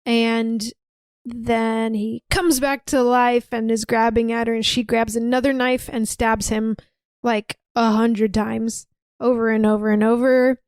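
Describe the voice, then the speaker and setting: A woman's voice: a little high, flat delivery, measured pace, a little mellow, smooth, dry recording. A young woman co-hosting a podcast, casually retelling a story and acting out the quotes as she goes. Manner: breezy storyteller, acts out quotes. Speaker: podcast co-host recapping a film. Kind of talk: casual chat, retelling a plot.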